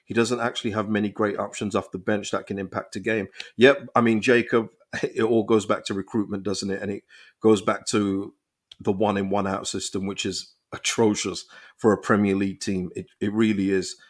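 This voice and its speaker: A young man hosting a casual football live stream, reading viewers' comments and reacting with animated, restart-filled talk. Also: on the low side, moderate pace. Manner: animated, thinks aloud with frequent restarts and repeated words. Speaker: football channel host reading live chat.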